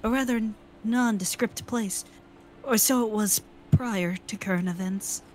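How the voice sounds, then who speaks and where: A woman's voice: mid-range voice, measured pace, a little mellow, slight background noise, rough recording. A woman reading video game narration aloud, stumbling now and then over the names.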